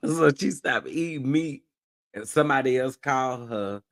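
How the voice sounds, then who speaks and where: A man's voice: medium pitch, lively intonation, a little slow, gravelly, fairly bright tone. A man hosting reaction commentary, incredulous and amused, laughing often as he talks. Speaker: commentary host.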